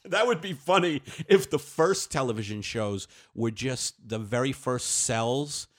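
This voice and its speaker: A man's voice: medium pitch, animated, unhurried. A man and working actor in a loose, joking panel chat, laughing often and trailing off with "you know.". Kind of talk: casual comedic chat.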